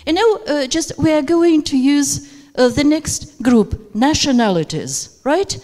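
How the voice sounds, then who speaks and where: High-voiced woman running a teacher workshop. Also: animated, measured pace, warm tone. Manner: hesitant, many fillers, coaxing participants. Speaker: teacher trainer. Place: conference room with audience. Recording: reverberant hall recording.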